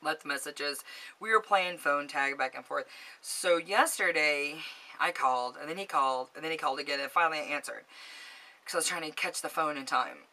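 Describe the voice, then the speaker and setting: A woman's voice: low-pitched, fairly quick, sharp tone. A woman vlogging, telling a story in a chatty, gossipy way, acting out both sides of a phone call, swearing casually and giggling along.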